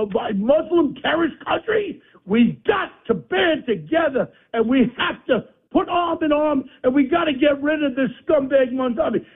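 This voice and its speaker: Blustering New man on a phone line. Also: very high voice. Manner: combative, insulting, blustering. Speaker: guest on talk radio. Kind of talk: angry political rant.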